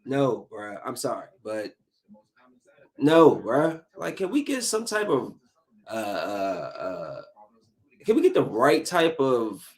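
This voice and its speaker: A man in his thirties hosting a podcast, giving a casual solo commentary in an animated, emphatic ranting style full of slang. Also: medium pitch, takes it slowly. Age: 30s. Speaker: podcast host.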